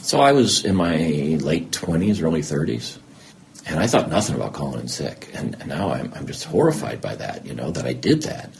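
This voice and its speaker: A man's voice: extremely low pitch, very animated, a little fast, vocal fry, background noise. A man, a podcast guest, telling his own story candidly. He jokes at his own expense and acts out conversations he remembers. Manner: acts out remembered conversations, self-deprecating humor.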